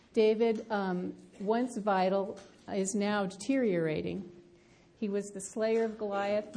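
Middle-aged woman teacher, mellow and unhurried, reflective, ums often, to a live room. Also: medium pitch. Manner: reflective, personal, frequent ums. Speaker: Bible study teacher. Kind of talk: teaching talk.

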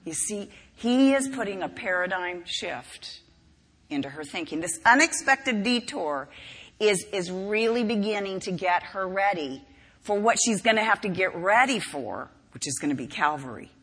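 Woman pastor chatty sermon, bright breathy voice, big echoey hall. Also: medium pitch, normal speed. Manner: conversational, animated storytelling with asides. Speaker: preacher. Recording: reverberant hall.

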